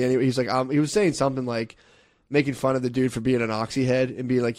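A man's voice: mid-range voice, little pitch movement, a little fast, a little mellow, no echo, studio quality. A young man from the telling rambling, profane anecdotes in casual chat, often laughing. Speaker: storyteller.

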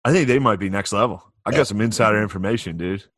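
A man's voice: on the low side, fast talker, a bit bright, no room sound, clean studio sound. A comedian man in casual chat, joking and laughing.

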